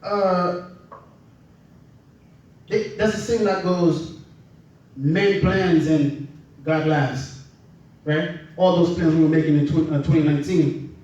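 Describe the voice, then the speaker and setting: High-voiced preacher man from the Bahamas, echoey. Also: steady tone, slow pace, long pauses, darkish tone, far from the mic, dull audio. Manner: conversational, asks "right?" often. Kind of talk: sermon.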